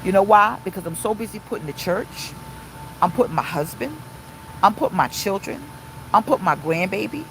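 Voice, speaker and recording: Middle-aged woman pastor, mid-pitched, impassioned live-stream preacher in a parked car, faint vehicle rumble. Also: animated, a little fast, fairly bright tone, low-quality recording. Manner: impassioned, emphatic, repetitive preaching. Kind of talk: live-streamed sermon reading viewer comments. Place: inside a car.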